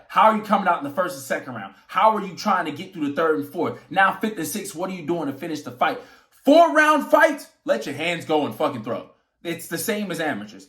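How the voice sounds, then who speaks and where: A young man, a boxer telling his story casually, animated and swearing as he acts out quotes. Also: on the high side. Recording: echoey room.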